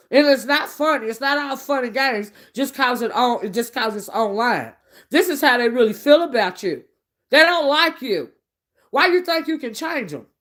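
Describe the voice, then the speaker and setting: A woman's voice: on the high side, a bit bright. A woman giving a blunt, preachy late-night livestream rant, often tagging her points with "okay?". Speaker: online commentator.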